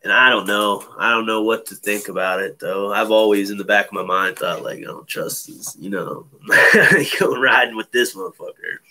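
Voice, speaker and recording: A man's voice: on the low side, normal speed, hardly any pauses, bright, forceful tone, a little hiss or hum. A man telling a personal story in casual chat, loose and profane, full of fillers. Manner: loose, profane, many fillers like "you know".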